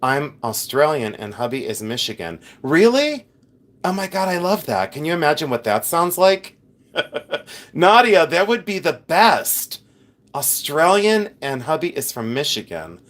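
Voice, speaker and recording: A man's voice: on the high side, sing-song, a little slow, fairly bright tone. A middle-aged man from Ohio hosting a casual live stream, telling chatty stories, laughing often and reading viewer comments aloud. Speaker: livestream host and reseller.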